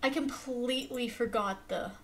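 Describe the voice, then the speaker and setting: A woman's voice: a little high, moderate pace, slight background noise. A woman live-streaming a game in casual chat, exasperated and talking back at the game and her viewers. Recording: echoey room, mic set far off.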